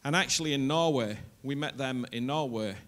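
A man's voice: mid-range voice, moderate pace. A man, a pastor who welcomes visiting guests to his church in a rambling way full of fillers. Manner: warm, rambling, hesitant with fillers.

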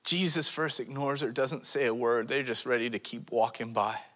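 A male missions pastor preaching to a live congregation in a church. His tone is forceful and bright, and his voice sits in an average range. He throws rhetorical questions at the room and swings from quiet to loud with dramatic shifts. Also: fairly even intonation, moderate pace. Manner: dramatic swings in pitch and loudness. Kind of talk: sermon. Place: church service before a congregation.

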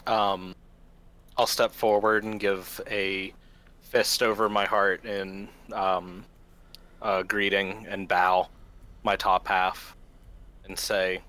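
A man playing a tabletop game, speaking slowly and formally in character. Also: low voice, flat delivery, sharp tone. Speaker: player. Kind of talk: tabletop game role-play.

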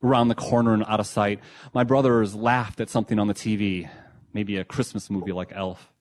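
A young adult man reading his own memoir essay in a reflective, measured, quietly emotional way. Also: lowish voice, steady tone. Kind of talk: first-person memoir reading.

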